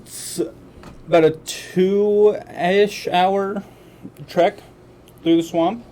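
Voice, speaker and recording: A man running a tabletop game, casual and quick to laugh. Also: high voice, steady tone, mellow, slight background noise, rough recording. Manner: laughs often, loose and casual. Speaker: game master.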